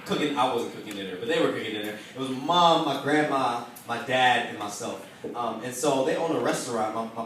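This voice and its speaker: A young man performing a spoken word poem at an open mic, telling a story and then reciting in a measured rhythm, captured by a distant phone. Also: medium pitch, fairly bright tone. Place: room at an open mic night. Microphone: phone camera from the audience. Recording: echoey room, distant phone recording.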